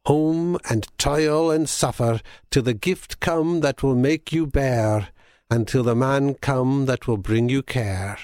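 A man's voice: mid-range voice, slow, a little mellow, dry recording, clean studio sound, lightly acted. A man voicing an eerie old crone who cries out a grim prophecy in a storybook reading. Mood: fierce.

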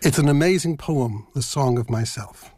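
An older man hosts a reflective podcast, reading and unpacking poetry with a playful, self-mocking lilt. He is from Philadelphia, but only a faint trace of the accent remains. His voice sits at a middling pitch and is recorded close and dry, with no room sound. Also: moderate pace, mellow, no room sound. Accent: Philadelphia, mostly covered over. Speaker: podcast host.

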